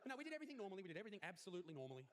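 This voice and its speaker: A man's voice: sits high, very animated, very fast, very noisy. A man in his thirties with an Australian accent, doing a crude, punchy stand-up comedy storytelling set.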